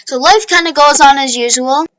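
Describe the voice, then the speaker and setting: A woman casually telling an improvised fan story, rambling along with frequent restarts and quick apologies. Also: high voice, fairly bright tone, rough recording.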